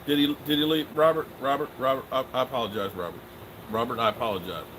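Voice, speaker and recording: Joking sports host, noisy background. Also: male voice, medium pitch, fast. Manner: joking, animated, swears and trails off often. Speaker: sports show host answering live chat. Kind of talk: casual live-stream chat.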